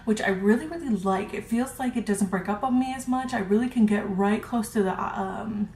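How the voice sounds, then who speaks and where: A woman's voice: mid-range voice, moderate pace, darkish tone. A woman casually reviewing her makeup brushes, gushing and chatty with lots of ums. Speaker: beauty vlogger. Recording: roomy with faint hiss.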